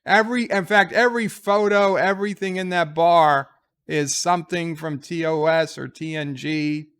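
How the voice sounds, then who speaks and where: A man's voice: fairly high pitch, steady tone, moderate pace, a bit bright, clear, resonant tone. A man casually recapping a TV episode as a reviewer, rambling with fillers and quoting lines.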